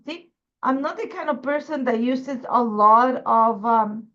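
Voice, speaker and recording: Talking through her work in a casual crafting process video, an Ecuadorian woman with a Spanish accent rambles chattily, using lots of fillers. Her high, somewhat bright voice takes things slowly while she holds back a cough from an irritated throat. The recording sounds dull and lo-fi.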